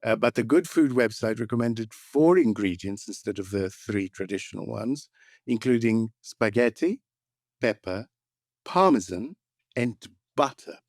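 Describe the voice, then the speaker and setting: A man's voice: on the low side, lively intonation, measured pace, darkish tone, no room sound, clean studio sound. Wry man co-hosting a podcast. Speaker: podcast co-host. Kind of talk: casual news chat.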